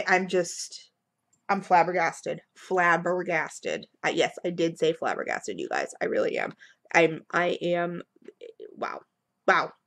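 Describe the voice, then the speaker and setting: Excited rambly woman w a cold, lowish voice, computer mic at home. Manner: gushing, rambling, many fillers. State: has a cold. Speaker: vlogger reviewing wax melts. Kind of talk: casual excited product review.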